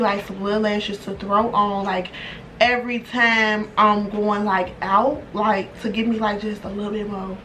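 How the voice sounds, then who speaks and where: A young woman chatting excitedly and casually through a makeup unboxing, full of slang and swearing. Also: mid-range voice. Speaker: beauty vlogger. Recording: distant mic with background noise.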